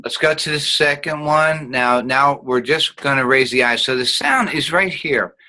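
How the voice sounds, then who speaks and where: A man's voice: mid-range voice, moderate pace, pushed and bright, rough recording. A man teaching an online acting class, guiding students patiently and showing each sound with hums.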